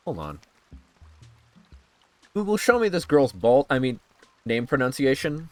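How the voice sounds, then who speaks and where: Chatty man with a lively voice. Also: medium pitch, a little slow, long pauses, soft background music. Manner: chatty, laughing, jokey asides to chat. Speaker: streamer. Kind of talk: casual gaming stream chat.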